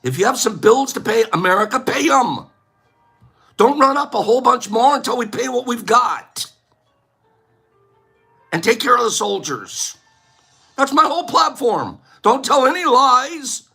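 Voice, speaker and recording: Giving away plates on his own livestream, a man chats casually and rambles from one joking rant to the next. His bright, slightly husky voice swings widely in pitch, very animated and unhurried with long pauses, as faint music plays behind him.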